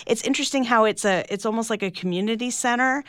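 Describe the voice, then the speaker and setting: A woman's voice: on the high side, fast, clear, resonant tone, no room sound. A middle-aged woman, an author talking candidly and reflectively in a radio interview, often restarting her sentences. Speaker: author and guest.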